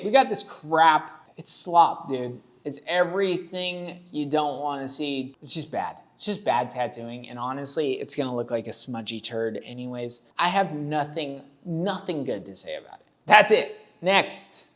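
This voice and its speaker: A man in his thirties, a tattoo artist, giving casual, rambling and jokey commentary with a sarcastic streak. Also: medium pitch.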